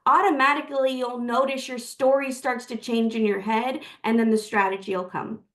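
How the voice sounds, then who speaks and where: A woman's voice: a little high, fairly even intonation, normal speed, recorded from a distance. A woman sharing advice on a group video call, explaining earnestly with many fillers. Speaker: coaching call participant.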